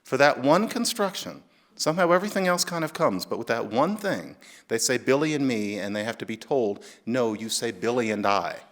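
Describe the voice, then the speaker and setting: On a lecture stage, a middle-aged American man gives a public lecture in an emphatic, wry, brisk style. His pitch sits in an ordinary middle range, and he leaps into quoted phrases with lively, playful emphasis.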